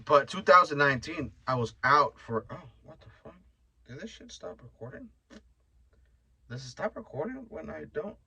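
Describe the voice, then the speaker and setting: A man's voice: a little high, lively intonation, moderate pace, sharp tone, slightly rough, dull audio. A young man hosting his own podcast, telling rambling stories in a loose, profane, joking way. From Mexican heritage. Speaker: podcast host. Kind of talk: casual solo podcast rant.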